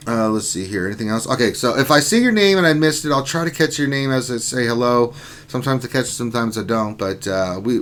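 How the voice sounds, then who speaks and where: Male stream host, mid-pitched, casual, reads chat names with mock groans. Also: fairly bright tone.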